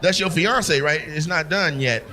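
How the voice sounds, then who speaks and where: A man's voice: a little high, measured pace. A man doing teasing, profane crowd work as a stand-up comedian on a club stage. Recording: live show with crowd noise. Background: audience laughter.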